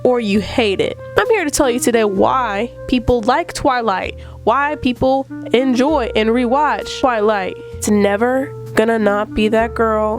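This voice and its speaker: A woman with a fairly high voice talks through a chatty video review, playful and theatrical, gushing over her subject. A slight vocal fry and roughness hang on her voice while she recovers from being sick. Faint guitar music plays softly behind her. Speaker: video essayist.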